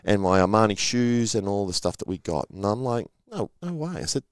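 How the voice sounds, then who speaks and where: A middle-aged man chatting as an interview guest, his voice sitting very low. He talks quickly and acts out the people in his anecdotes. The sound is dry and close. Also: clean tone, no room sound. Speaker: podcast guest, former rugby league player. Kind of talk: casual storytelling interview.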